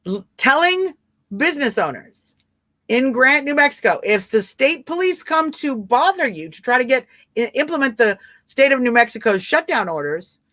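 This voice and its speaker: A woman's voice: sits high, fairly bright tone, no echo. A woman with a Southern twang hosting a live stream, chatting casually and answering viewers by name in an emphatic way. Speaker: livestream host.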